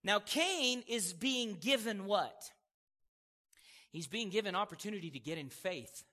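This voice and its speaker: A male preacher delivering an animated sermon, asking the congregation questions and acting out scripture voices. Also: high-pitched, a little slow. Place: church hall. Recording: echoey hall reverb.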